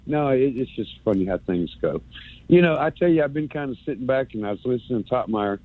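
A man's voice: mid-range voice, animated, fast, dry recording. A man calling in to a radio sports show, rambling and sarcastic, stumbling over his words. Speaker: radio caller. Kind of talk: rambling call-in rant. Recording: muffled phone line.

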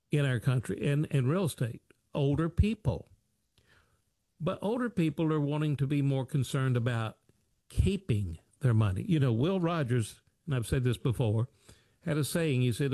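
A man's voice: medium pitch, dark tone, dry recording, clean studio sound. An American man hosting a financial advice talk show, talking in a folksy, repetitive way with old sayings and rhetorical questions. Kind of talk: radio-style talk show monologue.

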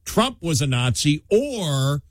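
A man's voice: a little high, big pitch swings, slow, no room sound, clean studio sound. A man hosting a political talk radio show, rambling with many restarts and fillers in an incredulous tone.

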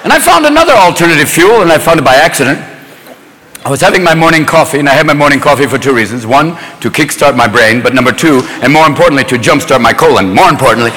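A man doing stand-up comedy on a live stage, manic and rapid-fire, jumping into many voices. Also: fairly high pitch, animated, in a large hall. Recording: noisy live show with a loud crowd.

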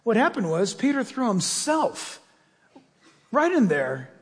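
A male pastor delivers a lively sermon, acting out little voices in his stories. His voice sits high and leaps around in pitch. It carries a husky grain and rings with the long reverb of a large hall. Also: slow. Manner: animated storytelling with acted-out voices.

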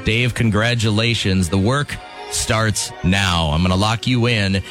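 A man's voice: fairly low pitch, over loud music. A man hosting a morning radio call-in game, playful and teasing with callers. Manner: playful, teasing, quick banter. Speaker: radio show host.

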